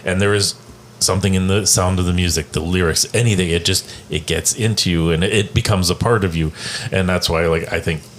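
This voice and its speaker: A man's voice: low-pitched, steady tone, fairly quick, slight background noise. A man co-hosting a music roundtable, telling long rambling stories with many fillers. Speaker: podcast co-host. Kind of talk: casual roundtable chat.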